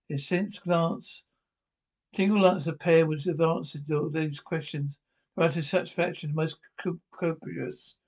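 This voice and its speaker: A man with a somewhat high voice reads a classic adventure novel aloud. He stumbles and restarts words often, pressing on through the story in an unpolished, amateur narration. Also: a little mellow, rough recording. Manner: halting, frequent restarts and stumbles. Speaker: audiobook narrator.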